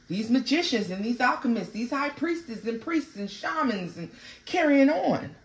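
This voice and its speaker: A woman giving a casual, animated tarot reading, blunt and full of profanity. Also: on the high side, normal speed. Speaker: tarot reader.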